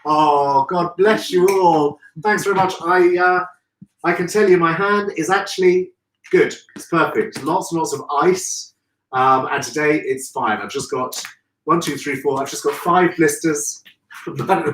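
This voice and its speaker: A man's voice: a little high, unhurried, fairly bright tone, a little hiss or hum. A man hosting a live stream, chatty and effusive, greeting viewers by name. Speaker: host of a live florist show. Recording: echoey room, distant from mic.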